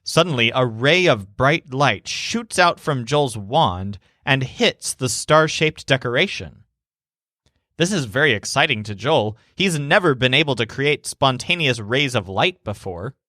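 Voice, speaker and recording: Calm man narrating a language lesson. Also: medium pitch, a little slow, dry recording, studio quality. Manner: calm, clear, pronounces Spanish words carefully. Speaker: language teacher. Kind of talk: scripted storytelling narration.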